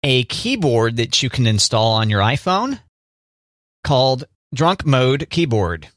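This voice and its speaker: A man's voice: mid-range voice, very animated, takes it slowly, a bit bright, dry recording, studio quality. A man co-hosting a casual chat show, easygoing and jokey, who laughs often. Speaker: co-host.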